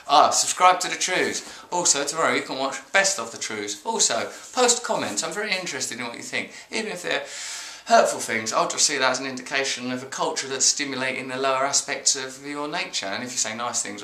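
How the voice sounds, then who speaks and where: Guy doing a comic news rant, super bright sharp tone, mocking, echoey room. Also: medium pitch, expressive, brisk, few pauses, a little hiss or hum. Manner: mocking, switches to a soft reflective reading. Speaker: host.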